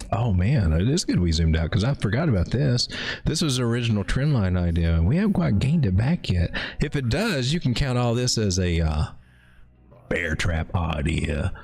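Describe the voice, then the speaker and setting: On a late-night crypto livestream, a man rambles casually through chart analysis, tossing in playful dad jokes as he gives live market commentary. His voice sits lowish and has a breathy edge.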